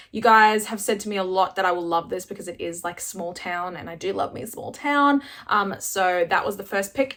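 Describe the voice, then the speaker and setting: This Australian book vlogger has a medium-pitched, fairly bright voice. She chats casually to the camera in a bubbly, gushing, effusive way, dropping in lots of "likes."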